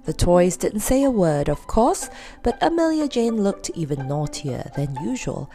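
A woman narrates a children's story with an animated, rising and falling voice. Her tone is mellow and relaxed, with faint music underneath. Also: on the low side, a little slow. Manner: lively, expressive.

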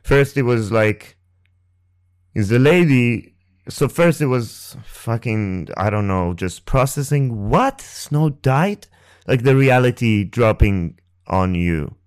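A man hosting a podcast and telling a painful personal story. He speaks haltingly and emotionally, restarts often and swears, close to the mic. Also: medium pitch, lively intonation, a little mellow, clear, resonant tone, dry recording. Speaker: podcast host. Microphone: close ASMR microphone.

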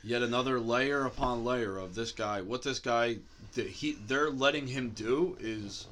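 A man's voice: mid-range voice, a little slow, a bit bright, slight background noise. A man hosting a casual wrestling podcast, ranting heatedly with lots of swearing. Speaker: podcast host.

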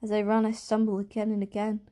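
A woman reading as a fearful older aunt who dreads bad omens, speaking hesitantly. Her voice sits in a middling range for a woman. It is a calm storybook reading. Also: medium pitch, fast talker, natural voice.

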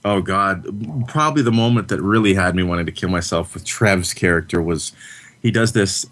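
A man from Canada picks a film apart on a podcast. His voice is very deep. He talks in a dry, sarcastic way and nitpicks at length. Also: normal speed, fairly bright tone. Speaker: podcast co-host. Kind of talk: casual film review chat.

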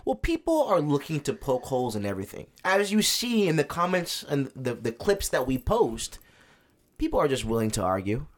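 A man's voice: on the high side, moderate pace. A man from Southern California with an American accent, co-hosting a podcast in casual, teasing chat. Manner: teasing, wildly expressive reactions. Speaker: podcast co-host.

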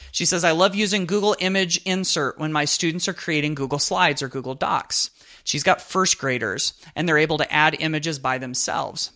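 A man hosting an education podcast, reading a sponsor message and a listener question in a brisk, clear way. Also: a little high, bright, forceful tone. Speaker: podcast host. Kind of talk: read announcements and listener mailbag.

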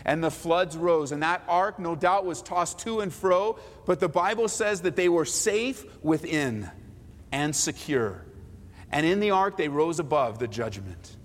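High-voiced pastor preaching with reverb. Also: male voice, lively intonation, unhurried. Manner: dynamic, swings from forceful to hushed. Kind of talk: sermon.

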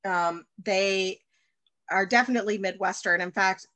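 A woman's voice: medium pitch, unhurried, bright, forceful tone, dry recording. A woman in her thirties from the United States, a baker and chef, talking as a guest in a casual interview and rambling with many fillers and restarts.

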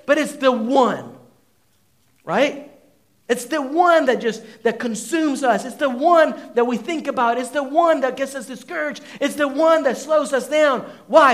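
A man's voice: extremely high pitch, a bit bright. A man pastor preaching a sermon from a church stage, emphatic and repeating phrases for the congregation.

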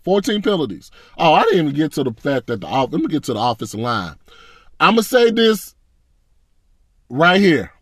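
A man's voice: a little high, huge pitch swings, normal speed, pauses often, a bit bright, no room sound, studio quality. A man ranting as a fan, blunt and profane, in a casual, frustrated reaction. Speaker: sports fan commentator.

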